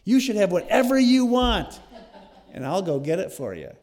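A man's voice: high-pitched, very animated, normal speed, darkish tone, pitched above the performer's own voice. A man voicing a ruthless queen who urges her husband to take whatever he wants. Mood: coaxing. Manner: coaxing, insistent. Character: scheming queen, pushy and ruthless.

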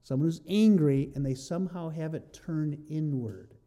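A man's voice: fairly high pitch, moderate pace, warm tone. A man preaching a sermon, walking through a scripture passage and acting out the quoted lines with rising intensity. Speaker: pastor.

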